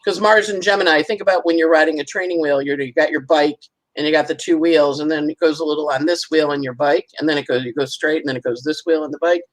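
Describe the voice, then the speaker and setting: A woman's voice: deep voice, steady tone, quick pace, poor audio. A woman astrologer, a guest, chatting casually through a weekly forecast and acting out little voices and sounds as she goes.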